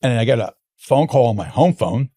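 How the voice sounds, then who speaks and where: In a brisk, medium-pitched voice, a male wine importer tells lengthy anecdotes as an interview guest. The chat is casual, and his animated storytelling keeps doubling back with restarts.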